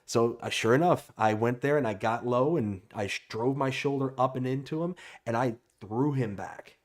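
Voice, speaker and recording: A man hosting a livestream chat, telling stories in an animated way and asking easygoing questions. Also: mid-range voice, moderate pace. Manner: animated storyteller, asks easy questions. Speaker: host.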